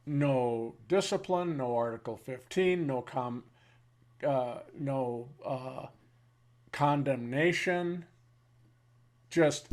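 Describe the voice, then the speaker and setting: Older man, veteran, slightly raised pitch, halting reflective storytelling, wry. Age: 70s. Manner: halting, pauses with fillers, then blunt and wry. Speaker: veteran interviewee.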